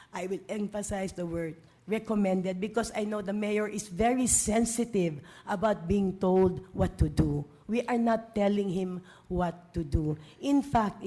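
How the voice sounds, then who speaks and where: A woman's voice: medium pitch, a little mellow. A woman, a city council member arguing her point in a council debate, emphatic and restarting phrases as she presses on. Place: city council session hall.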